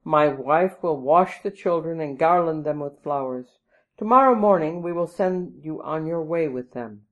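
Woman voicing a gentle hermit prince. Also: low voice, unhurried, dull audio. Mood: glad. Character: generous, calm male prince living as hermit. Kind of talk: storybook reading.

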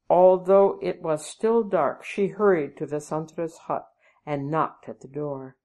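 Woman narrator, storybook reading, measured, even, lower pitch.

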